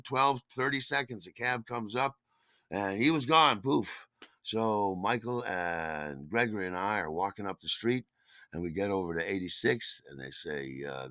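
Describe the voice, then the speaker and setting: An older man hosting a podcast, telling a personal story in an animated way, acting out voices and sound effects. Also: sits low, no echo. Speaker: podcast host.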